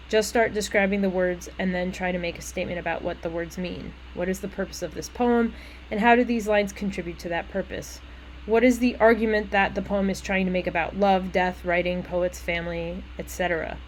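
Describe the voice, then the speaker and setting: A woman college English instructor walks through essay instructions in a conversational way, with casual asides and quick self-corrections. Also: mid-range voice, a little hiss or hum, low-quality recording.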